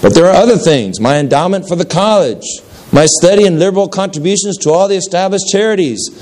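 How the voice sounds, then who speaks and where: A man's voice: high-pitched, lively intonation, quick pace, a little mellow, voice pushed up. A man voicing a proud, indignant older man who stammers out earnest protests about his good deeds during a story reading. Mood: confessing.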